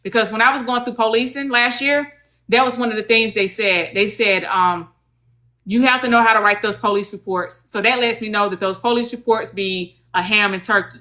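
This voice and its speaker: A woman's voice: on the high side, steady tone, fairly quick, sharp tone. A woman with a Southern US accent hosting a casual livestream about legal advocacy, chatty and folksy, talking straight to her viewers.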